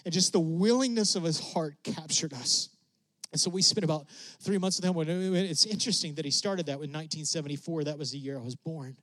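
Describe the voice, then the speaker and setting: A middle-aged man preaching a testimony, telling his story with animated leaps up in pitch when excited. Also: a little fast, no room sound. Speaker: preacher sharing a mission testimony. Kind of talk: sermon storytelling.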